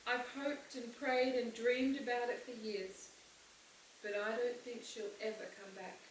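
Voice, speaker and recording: A woman voicing a gentle, sad father who is a preacher, speaking softly and tenderly. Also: fairly high pitch, steady tone, a little slow, natural voice. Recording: roomy, distant mic, faint hiss.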